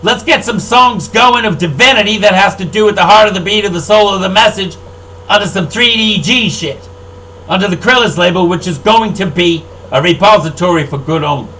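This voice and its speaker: High, sharp-voiced older man ranting. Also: fairly quick, slight background noise, poor audio. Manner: profane, rambling, swings between loud outbursts and low mutters. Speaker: record label owner. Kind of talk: angry ranting monologue.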